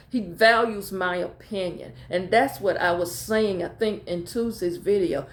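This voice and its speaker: A woman's voice: medium pitch, measured pace, few pauses, roomy sound. A middle-aged woman pastor talking casually to her viewers, telling heartfelt stories in informal speech and repeating phrases for emphasis. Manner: colloquial, informal grammar. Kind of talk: casual personal talk to viewers.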